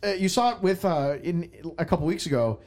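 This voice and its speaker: A man's voice: high voice, animated, a little fast, a little mellow. A man hosting a casual podcast chat, joking around and stumbling as he reads aloud. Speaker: podcast host.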